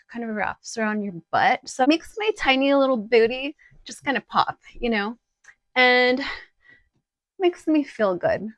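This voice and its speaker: A woman's voice: on the high side, no echo. A young woman chatting casually through a clothing try-on, direct and full of fillers. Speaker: vlogger. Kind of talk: casual try-on haul chat.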